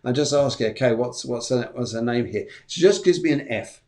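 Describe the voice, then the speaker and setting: A man hosting a live stream of psychic readings, talking in a loose, rambling way. He repeats himself often and keeps a reassuring tone. His voice sits at an ordinary middle pitch. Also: a little fast, a little mellow. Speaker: psychic medium.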